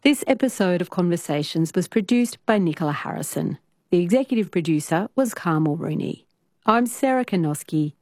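A woman radio host asking interview questions and reading the show's outro in a measured way. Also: fairly low pitch, lively intonation, darkish tone, no room sound, studio quality. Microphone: studio microphone.

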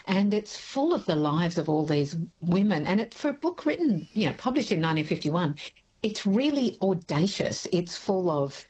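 Husky-voiced woman talking books. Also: fairly low pitch, moderate pace, highs cut off. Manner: thoughtful, animated. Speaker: book show co-host, guest. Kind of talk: radio interview.

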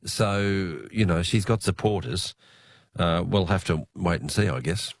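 Male Australian radio host, low voice, hoarse, loose chatty delivery. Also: a little slow, no room sound. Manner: relaxed, chatty with fillers. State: hoarse, unwell voice. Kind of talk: late-night radio news talk.

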